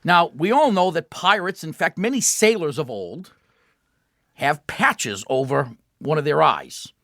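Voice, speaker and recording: A man's voice: on the high side, animated, measured pace, a bit bright, no echo, clean studio sound. A man co-hosting a jokey radio car show, telling jokes, stumbling over his words and laughing often.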